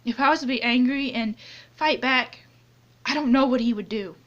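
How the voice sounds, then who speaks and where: Young woman crying on and off, high voice, keeps stopping and restarting, muffled phone audio. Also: fairly bright tone. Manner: halting, many restarts and trailing off. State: tearful, crying on and off. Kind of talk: anonymous confessional vlog. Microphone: phone camera close up, only a hand in frame.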